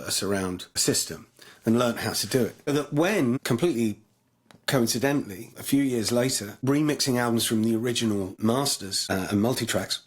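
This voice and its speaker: A man's voice: on the low side, breathy edge. An English man telling stories as a guest in an interview, rambling with many restarts. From England. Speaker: guest musician. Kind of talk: anecdotal interview chat.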